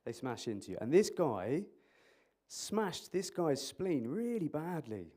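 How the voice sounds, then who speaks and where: A man with a slightly high voice speaks slowly into a microphone in a conference hall. He's an emergency clinician giving an interactive talk, animated and jokey as he quizzes the audience.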